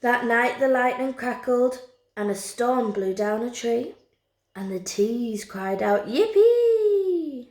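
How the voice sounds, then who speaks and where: A woman teacher reading a picture book aloud to children, telling the story slowly and expressively. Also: a little high, fairly even intonation. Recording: roomy echo.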